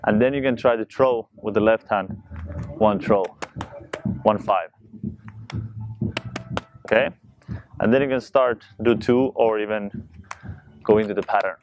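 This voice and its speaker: Man explaining juggling, quick and chatty. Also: on the low side, fairly even intonation, lo-fi sound, slight background noise. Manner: talks fast while demonstrating, loose and chatty. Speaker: juggling instructor. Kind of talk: casual spoken tutorial.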